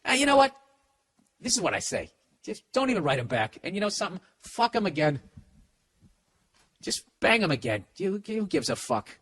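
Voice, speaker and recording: A man ranting with fast, blunt comic advice, with a voice sitting a little higher than most men's. He swears freely and keeps tripping into stammered restarts before barreling on. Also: very animated, a bit bright, slightly rough. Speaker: podcast host. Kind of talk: comedic advice rant.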